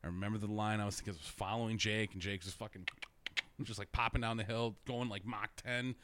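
A man's voice: fairly low pitch, fairly even intonation, brisk, noisy background. A young man telling a rambling story in casual chat, swearing constantly and laughing through his own stories.

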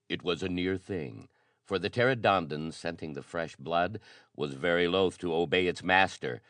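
Deep male audiobook narrator, dramatic reading, dry studio sound. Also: a bit bright, no room sound. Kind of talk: audiobook reading of pulp adventure fiction.

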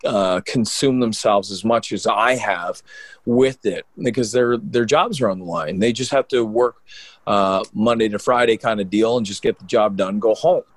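A man, a pro wrestler and co-host, telling stories in an animated, rambling way with lots of restarts. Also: lowish voice, normal speed, no room sound. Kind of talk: casual storytelling on a podcast.

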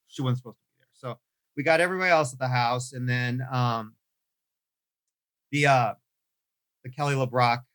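A man co-hosting a casual film review podcast, chatty and animated, often laughing and restarting his sentences. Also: mid-range voice. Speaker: podcast co-host.

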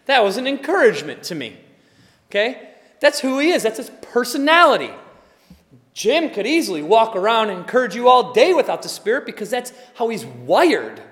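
A man in his forties preaching a sermon as pastor, animated, acting out little scenes and dropping to soft murmurs. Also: very high voice, moderate pace, long reverb tail. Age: 40s.

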